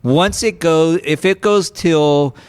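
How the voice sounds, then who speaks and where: A man co-hosting a podcast, telling an animated anecdote and laughing through it. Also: fairly high pitch, takes it slowly, smooth. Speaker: podcast co-host. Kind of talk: casual podcast chat.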